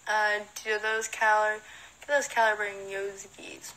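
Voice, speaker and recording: Young Southern woman, bright voice, chatty and giggly, live Q&A into a phone. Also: mid-range voice, level tone, brisk, poor audio. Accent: Southern American. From Southern United States. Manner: chatty, giggly, reads questions aloud then answers. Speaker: model and musician answering fan questions. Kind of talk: casual livestream Q&A.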